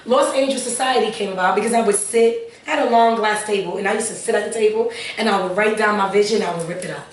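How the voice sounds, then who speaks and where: A woman with a mid-range voice talks fast with few pauses, picked up by a distant mic. She's an earnest interview guest sharing her personal testimony, repeating phrases and slipping in prayerful asides. The room is echoey, she's slightly off-mic, and there's faint background noise.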